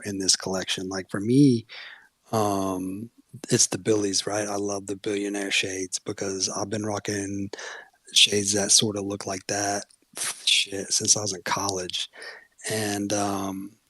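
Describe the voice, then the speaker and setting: A man's voice: lowish voice, a bit bright, breathy edge, no echo. A man chatting casually and enthusiastically, with lots of fillers and swearing. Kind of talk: casual chat.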